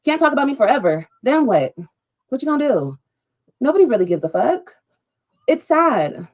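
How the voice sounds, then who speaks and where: A woman on a livestream rants at her critics in a fairly high voice that swings widely in pitch. She is confrontational and profane and mocks her detractors as she talks straight to her viewers. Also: big pitch swings, normal speed, pauses often, poor audio. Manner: addresses viewers directly. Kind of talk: ranting livestream monologue.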